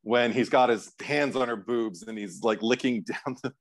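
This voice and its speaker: A man co-hosting a relaxed podcast about movies, with a voice of middling pitch. He talks animatedly, stumbles and restarts his sentences, and breaks into laughter often. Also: normal speed. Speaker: co-host. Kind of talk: casual film discussion.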